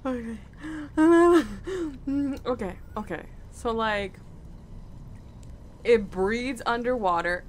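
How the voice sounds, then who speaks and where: Woman let's-play host, high voice, unhurried between the scares, jumpy, curses at the screen. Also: big pitch swings. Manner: jumpy and easily frightened, gasping and cursing; talks to the game characters. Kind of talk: gameplay commentary.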